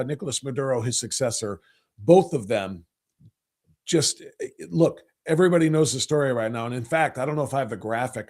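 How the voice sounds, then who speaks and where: A middle-aged man hosting a livestreamed podcast, talking politics in a rambling, animated, opinionated way. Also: mid-range voice. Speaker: podcast host. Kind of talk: casual political commentary livestream.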